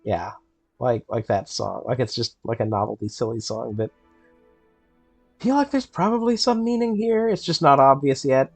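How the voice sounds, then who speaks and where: A man playing through a puzzle game, reading the notes he finds out loud and picking them apart in a loose, playful ramble full of ums and half-finished thoughts. His mid-range voice sits close and dry on the mic, with soft game music underneath. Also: mid-range voice, moderate pace, no echo. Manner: reads in-game texts aloud and muses over them; playful, thinks out loud with many fillers. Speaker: let's play host. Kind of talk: casual gameplay commentary.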